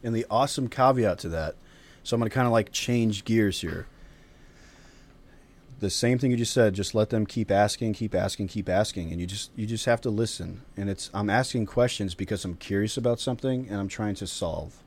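Low-voiced father telling stories. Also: moderate pace. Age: father of a young child. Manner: storytelling, reflective. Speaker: podcast host. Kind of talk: casual round-table talk.

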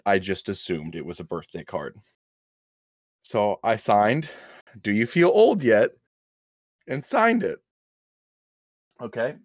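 A man's voice: on the low side, no echo, studio quality. A man co-hosting a podcast, telling a rambling, self-mocking story in casual chat, swearing and laughing at himself. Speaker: podcast co-host.

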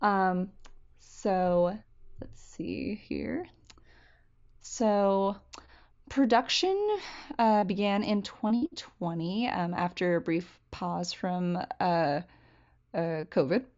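A woman's voice: medium pitch, extremely slow, pauses often, darkish tone, highs cut off. A woman co-hosting a film podcast, chatting casually with many fillers and reading from notes. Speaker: podcast co-host.

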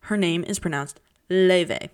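Young woman podcaster, slightly low voice, chatty and dramatic, casual monologue. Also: slow, darkish tone, clean tone. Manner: chatty, dramatic, jumps between pitches and whispers. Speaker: podcast host. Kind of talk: casual chat.

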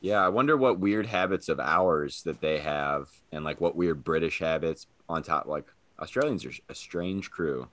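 A man's voice: very deep voice, normal speed, few pauses, a bit bright, dry recording. A man co-hosting a podcast, chatting casually and joking irreverently about a movie. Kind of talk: casual chat.

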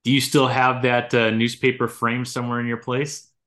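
A man's voice: mid-range voice, little pitch movement, moderate pace, a bit bright. A man hosting a casual interview, eagerly chiming in with "yeah" and laughs. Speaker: podcast host.

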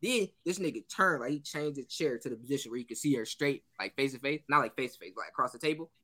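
A medium-pitched man talks at a quick pace as a co-host on a casual podcast. He tells a story with animated flair, acting out quotes and laughing often.

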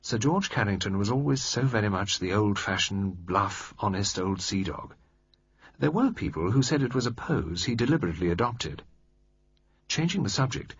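Husky male audiobook narrator. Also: lowish voice, expressive, normal speed, no echo. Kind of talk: scripted narration. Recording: slightly muffled dry recording.

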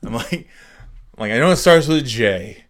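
A man's voice: mid-range voice, lively intonation, normal speed. A man ranting casually on his podcast, profane and exasperated, rambling with lots of restarts. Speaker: podcast host. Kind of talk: casual rant.

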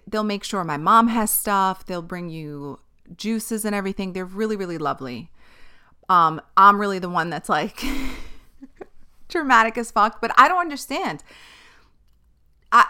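Podcast host, woman, frank and profane, crisp bright tone. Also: mid-range voice. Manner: candid and profane, emphatic with lots of fillers. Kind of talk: casual podcast monologue.

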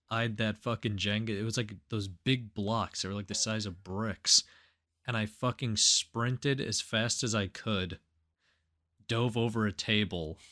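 A man's voice: lowish voice, sharp tone. A young man co-hosting a podcast, telling crude, profane drinking stories in casual chat. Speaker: podcast co-host.

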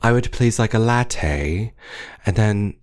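A man's voice: fairly low pitch, animated, a little mellow, slight background noise, voice pushed up. A man doing a prim woman with a patchy British accent. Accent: exaggerated British. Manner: prim, halting, slow ordering.

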